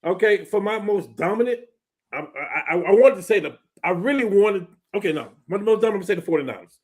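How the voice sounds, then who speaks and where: A man's voice: sits high, lively intonation, fast, a little mellow, breathy edge. A man on a casual sports talk panel, giving fired-up, exasperated takes on football teams.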